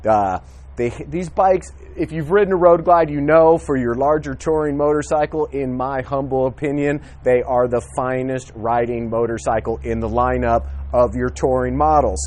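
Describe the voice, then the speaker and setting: A man's voice: mid-range voice, normal speed, a little mellow. A man giving a casual, enthusiastic walkthrough of motorcycles outdoors at a dealership, filming with a handheld camera, chatty with frequent fillers.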